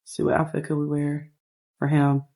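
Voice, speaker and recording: A woman's voice: deep voice, completely flat delivery, fairly quick, dark tone. A young woman chats through her gameplay, talking to viewers in a loose, casual way. She tosses in exasperated asides when the game won't behave. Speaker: game streamer.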